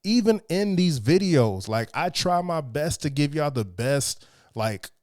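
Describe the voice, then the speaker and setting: A man's voice: fairly high pitch, lively intonation, a little mellow, dry recording, studio quality. A young man from Texas, giving casual, blunt and profane commentary. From Texas, USA. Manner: blunt and profane, drawn-out asides.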